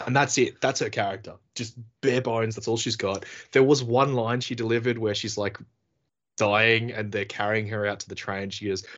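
A man's voice: on the low side, fairly even intonation, moderate pace, fairly bright tone, muffled recording. A man co-hosting a casual film-review podcast, laughing often, swearing freely and mimicking characters as he talks. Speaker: podcast co-host.

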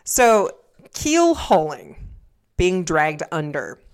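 A woman's voice: fairly low pitch, big pitch swings, drawn-out words, smooth. A woman co-hosting a casual podcast, reading grim lists aloud between laughs and swearing. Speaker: podcast co-host.

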